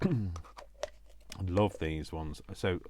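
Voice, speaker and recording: A man's voice: low voice, drawn-out words, warm tone, slight background noise. A British man chatting casually to himself as he makes a craft project, joking at his own expense. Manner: chatty, self-mocking, talks to himself while working. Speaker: crafting vlogger.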